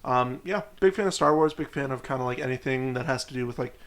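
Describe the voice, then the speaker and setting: A man's voice: medium pitch, fast, a bit bright. A young man in casual podcast chat who jokes around and mimics accents. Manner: joking, puts on silly accents.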